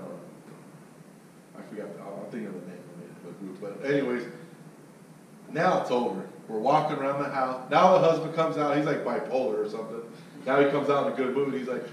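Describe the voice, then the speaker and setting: Telling a sales story and coaching along the way, this man uses a mid-range, fairly quick voice. He's profane and animated, doing voices for the people he describes. Expect an echoey room, faint noise, and a distant mic.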